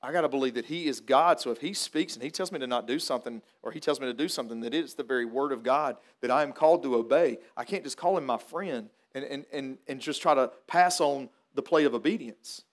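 A man's voice: mid-range voice, fast, hardly any pauses. A man preaching at a funeral, telling a folksy story and then turning to earnest preaching. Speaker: pastor.

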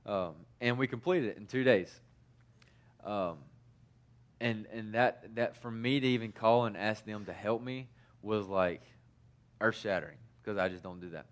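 A man's voice: lowish voice, a little slow. A man preaching a sermon in a casual, conversational way, telling personal stories with many fillers and restarts.

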